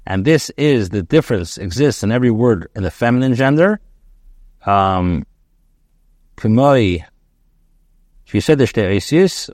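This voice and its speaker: Rabbi reading and translating, dry sound. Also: male voice, lowish voice, no room sound. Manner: reads a phrase, then translates it, with frequent ums and self-corrections. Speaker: rabbi teaching a daily Torah class. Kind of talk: reading and translating Hebrew text line by line.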